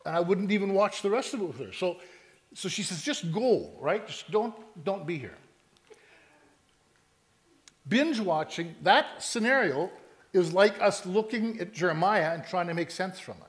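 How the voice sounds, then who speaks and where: A man preaching a sermon, telling stories and acting out both sides of conversations with lively energy. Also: high voice, normal speed.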